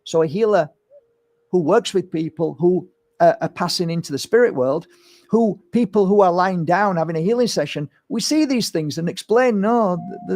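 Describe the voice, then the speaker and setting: A middle-aged man, an energy healer talking to his audience in a casual, animated monologue, sometimes swearing and acting out what people said. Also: sits high, moderate pace. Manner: animated storytelling, swears, acts out voices. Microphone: streaming setup.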